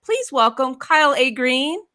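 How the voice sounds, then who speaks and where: A woman with a bright voice, a little higher than usual, hosts a live video podcast. She talks in an upbeat, chatty way and reacts warmly to her guest. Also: sing-song, unhurried. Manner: upbeat, chatty, with a warm show intro. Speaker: podcast host.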